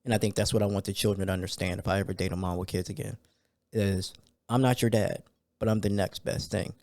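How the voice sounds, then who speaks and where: Low, mellow-voiced man talking loosely on a podcast. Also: fast talker, no echo, clean studio sound. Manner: loose and conversational, with fillers and rising excited rants. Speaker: podcast host. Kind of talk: casual solo podcast talk.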